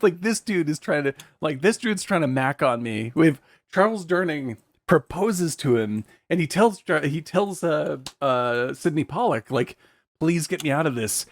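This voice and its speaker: A man co-hosting a casual film podcast, retelling scenes with lively acted-out voices and frequent laughter. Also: a little high, a little slow, few pauses, dry recording, studio quality. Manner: animated, acts out film scenes in put-on voices, laughs often. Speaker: podcast co-host.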